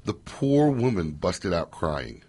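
Deep husky man hosting radio chat. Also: takes it slowly. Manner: animated storyteller, loose and joking. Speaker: radio show host. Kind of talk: casual radio talk show chat. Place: radio studio.

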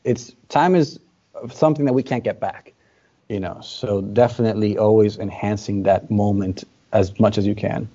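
A man's voice: on the low side, moderate pace, mellow. A young man chatting casually as a guest, telling a long anecdote with many restarts. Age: young adult. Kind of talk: casual chat. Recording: dull lo-fi sound.

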